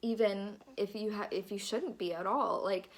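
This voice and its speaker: A woman's voice: mid-range voice, moderate pace. A woman in her twenties from Minnesota with a Minnesota accent. She chats casually to the camera as a new mom, rambling with lots of fillers and asides.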